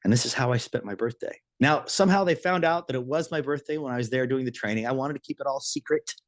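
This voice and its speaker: A man giving a motivational business training talk, telling a story with lively enthusiasm and frequent restarts and repeated words. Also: medium pitch, quick pace, no room sound.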